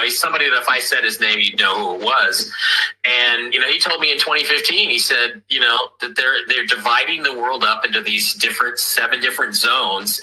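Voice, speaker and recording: A man's voice: mid-range voice, pushed and bright, rough recording. An American man chatting as a guest on a live online talk, rambling and restarting often, heard as radio-like audio. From United States. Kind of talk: casual chat.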